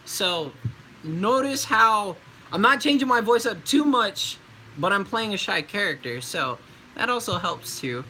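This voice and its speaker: A man's voice: high-pitched, expressive, normal speed, bright, forceful tone, slight background noise, low-quality recording. A young adult man, a voice actor, giving casual livestream tips in a chatty, loose way, with many fillers and restarts.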